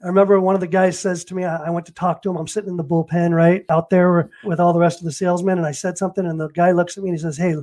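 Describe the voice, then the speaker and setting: He talks very fast with hardly any pauses, in a high, darkish voice that barely moves in pitch. A Los Angeles real estate agent and coach in his fifties, he's telling interview stories and acting out phone calls and quotes.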